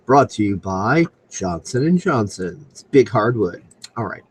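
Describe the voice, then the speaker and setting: A young man hosting a solo comedy stream into a computer mic, rambling crudely with lots of fillers and silly loud outbursts. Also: lowish voice, big pitch swings, a little slow, slight background noise, rough recording. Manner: loud comic outbursts and squealed voices. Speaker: comedy show host. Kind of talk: solo comedic commentary over screen share. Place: alone at home on a live video stream. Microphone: computer mic on a video call.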